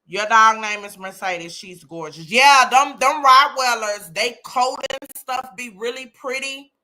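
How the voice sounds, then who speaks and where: A woman's voice: on the high side, measured pace, bright, forceful tone. A woman hosting a casual live chat, exclaiming and talking to listeners by name. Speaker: host of a live chat room.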